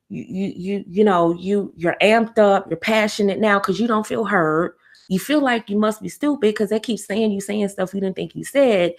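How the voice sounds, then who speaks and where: A woman hosting a casual livestream, giving relationship advice in an animated, conversational way, with fillers, repeats and sudden high mocking voices when she quotes people. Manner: conversational with frequent fillers and repetition.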